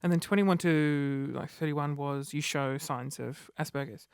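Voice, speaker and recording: Man, 30s, vlogger; high, dramatic, self-deprecating chatter, dry recording. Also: steady tone, measured pace, clean tone, no room sound. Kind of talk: casual chat to camera.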